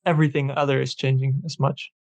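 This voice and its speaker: Flat-voiced, hesitant male host. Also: medium pitch, fast, no room sound. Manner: thoughtful, hesitant, many "um"s. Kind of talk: casual conversational interview.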